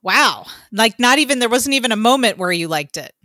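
A woman's voice: a little high, lively intonation, brisk, sharp tone, no room sound, studio quality. A woman co-hosting a casual podcast, chatty and loose, with lots of ums and the odd swear word. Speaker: podcast co-host. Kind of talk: casual chat.

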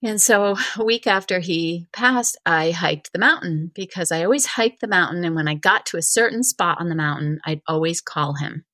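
A middle-aged woman from Vermont, a wellness coach telling a personal story in a chatty interview, full of "like" and animated retellings. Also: lowish voice, normal speed, few pauses, dry recording. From Vermont, USA. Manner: chatty, heavy use of filler "like", animated retelling.

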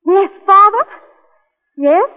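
A heartfelt young society wife with a high, expressive voice that rises and falls widely. She sounds earnest and tender. The broadcast is thin and tinny, with a long reverb. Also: slow, full character voice. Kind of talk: 1940s radio acting.

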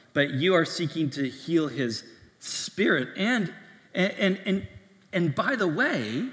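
A man preaching a sermon to young adults, in a conversational style full of restarts and lively asides. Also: high voice, big-room sound.

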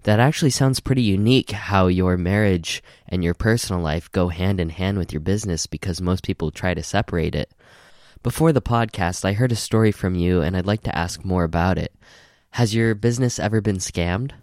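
A man hosting a podcast interview. His voice is very low, and it sounds dry and close. He asks curious, polite questions. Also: a little fast, darkish tone, dry recording. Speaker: podcast host.

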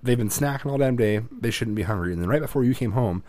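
A man's voice: medium pitch, fast talker, a little mellow, no echo. A young man co-hosting a casual chat, telling rambling, sweary stories. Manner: rambling storytelling, swears freely. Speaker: podcast co-host.

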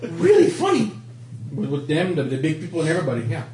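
A man at a game table, on the high side and swinging widely as he jokes and trips over his words. He sounds far from the mic in a roomy space with faint noise behind. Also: fast. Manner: excitable, laughing and stumbling over his words. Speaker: player. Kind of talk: joking banter at a game table.

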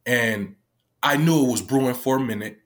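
A man with a voice of middle pitch tells a story from his job working with young people. His talk is loose and casual, full of fillers and swearing. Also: normal speed. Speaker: youth worker.

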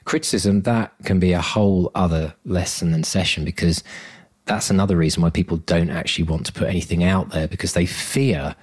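A man's voice: deep voice, fairly quick, breathy edge. A man co-hosting a podcast as a coach, talking in an earnest, motivational way and laughing often. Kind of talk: casual chat.

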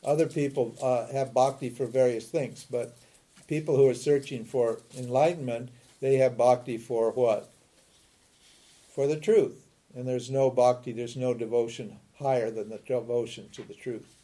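A spiritual teacher gives a talk on scripture, often chuckling as he explains, asking his listeners rhetorical questions and tossing in a quick "huh?" His voice is medium pitch, steady, and warm.

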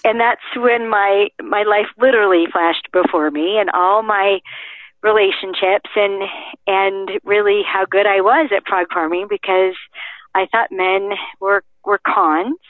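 Woman guest, animated storyteller who acts out quotes. Phone-line audio, dry. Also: medium pitch, measured pace, no echo. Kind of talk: interview chat.

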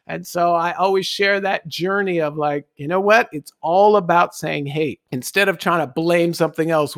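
A middle-aged man, a guest, telling a personal anecdote in a casual, animated way and acting out the voices he quotes. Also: high voice, normal speed, creaky, no room sound, clean studio sound. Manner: animated storyteller who acts out quoted voices.

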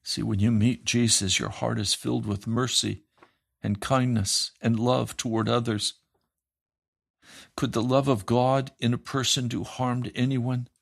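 Slow, gravelly-voiced preaching man. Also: medium pitch, level tone, no echo, clean studio sound. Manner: urgent, repetitive preaching cadence. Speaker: pastor. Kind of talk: preaching sermon.

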